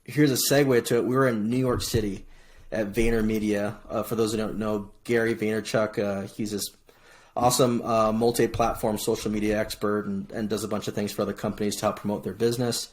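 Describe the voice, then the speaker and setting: A middle-aged man from Hawaii, a podcast guest telling his story in casual, lively chat, often restarting phrases. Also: on the low side, fairly quick. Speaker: podcast guest, military veteran.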